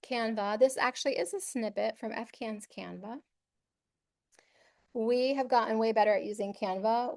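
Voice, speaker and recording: A woman walks her audience through a webinar session. Her tone is upbeat and conversational, full of small fillers. Her voice is mellow and warm, sitting at a middle pitch. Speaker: webinar presenter. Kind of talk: instructional webinar presentation.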